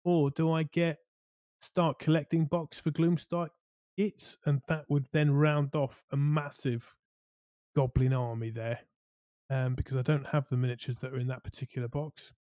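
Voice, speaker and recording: A man co-hosting a relaxed chat show, his voice sitting a little high. He rambles, stumbles and restarts as he thinks aloud, all in a dry close sound. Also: normal speed, no echo, lo-fi sound. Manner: rambling, hesitant, many restarts. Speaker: co-host. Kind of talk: casual chat.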